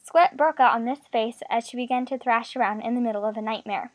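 A woman narrating a story aloud in an expressive, steady reading voice. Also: a little high, fast talker, no room sound.

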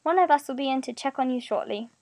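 Woman reading as a soft-spoken caring young guy, higher-pitched voice, dry sound. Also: animated, fast talker, no echo. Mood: reassuring. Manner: soft, reassuring. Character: gentle kindly young man, a caring friend.

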